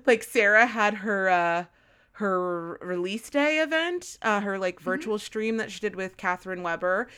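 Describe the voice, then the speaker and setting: A woman's voice: medium pitch, fairly bright tone, clear, resonant tone. Rambling young woman podcaster. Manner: rambling, filler-heavy, swears freely, bursts into shrieking laughter. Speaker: podcast co-host. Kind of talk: casual fan podcast chat.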